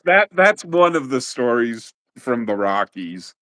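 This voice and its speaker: Middle-aged man telling lively stories. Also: mid-range voice. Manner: animated storyteller, quick to laugh. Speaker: interview guest. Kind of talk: casual storytelling interview.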